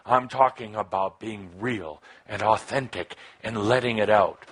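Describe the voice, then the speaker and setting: A man giving a channeled spiritual talk to a live audience, speaking in short broken phrases that swing from soft musing to emphatic, passionate urging. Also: mid-range voice, unhurried, few pauses, breathy edge.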